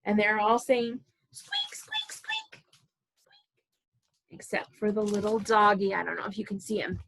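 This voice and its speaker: A woman librarian reading a picture book aloud to preschoolers, animated and playful, asking the children questions as she goes. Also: medium pitch, a little fast, slight background noise, rough recording.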